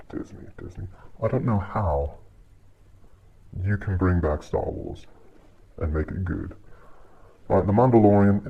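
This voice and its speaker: A man giving a casual, exasperated movie rant on his channel, swearing often and sighing between points. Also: sits low. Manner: exasperated, profane, frequent sighs. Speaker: video creator reviewing a movie. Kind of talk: casual ranting commentary. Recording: dull lo-fi audio with faint hiss.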